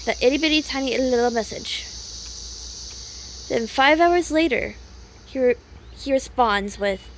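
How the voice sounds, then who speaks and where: A young woman with a high voice vents in a rambling, casual monologue. She sounds upset and swears freely, with lots of fillers. Faint crickets chirp behind her. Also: takes it slowly, long pauses, a little hiss or hum. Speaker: vlogger.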